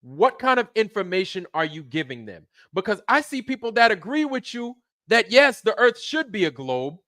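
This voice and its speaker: A man's voice: high-pitched, big pitch swings, normal speed, pushed and bright, no room sound. A man hosting his channel, delivering an angry, profane rant full of repeated phrases. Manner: heated, profane, repeats himself. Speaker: channel host.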